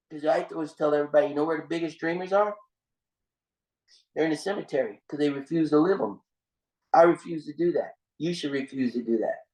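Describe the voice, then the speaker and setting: Here a man's slightly high voice has a darkish tone as he gives a motivational seminar talk. Preaching and storytelling, he repeats phrases, calls the crowd "gang," restarts, and lands on emphatic swings, all heard in an echoing room.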